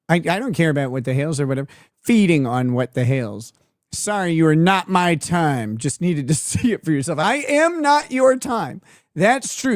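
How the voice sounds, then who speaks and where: A woman's voice: medium pitch, no room sound, studio quality. Laughing, sarcastic woman streamer. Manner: laughing, sarcastic, swears freely. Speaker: streamer host. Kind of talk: live-stream reaction commentary.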